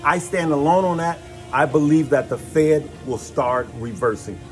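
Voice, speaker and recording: Animated man telling stories. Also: fairly high pitch, normal speed, soft background music. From West Side of Chicago. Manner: animated, folksy, addresses viewers as "good people" and "y'all". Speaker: host. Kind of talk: casual chat and storytelling.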